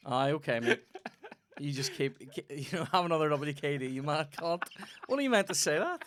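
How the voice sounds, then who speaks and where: A young Northern Irish man with a fairly high voice speaks briskly as a podcast host. He tells animated stories in casual chat and swears a lot along the way.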